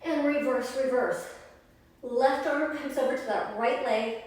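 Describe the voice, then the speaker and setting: A young woman leads a live yoga workout, chatty and upbeat as she counts down reps. Her voice sits high and she sounds a bit out of breath. The sound bounces around a very echoey room, picked up from well away from the mic. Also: measured pace, distant mic. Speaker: yoga instructor. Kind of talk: live-streamed yoga class instruction.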